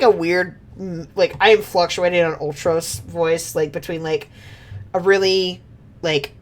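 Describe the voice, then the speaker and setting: A young woman streaming a game, giggly and rambling, who swears casually as she comments. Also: low-pitched.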